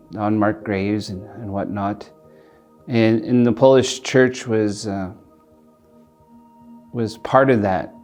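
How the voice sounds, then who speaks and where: Middle-aged man, fairly low voice, earnest, reflective, halting delivery, faint music behind. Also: a little mellow. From Alberta, Canada. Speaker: interviewee, community leader. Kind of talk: personal storytelling interview.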